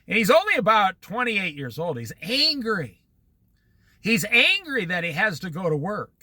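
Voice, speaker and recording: Man, high and very bright voice, chatty outdoor vlogger who likes to moralize. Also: sing-song, moderate pace, no echo, clean studio sound. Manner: chatty storyteller, moralizing asides. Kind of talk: casual vlog monologue. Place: outdoors near the shore.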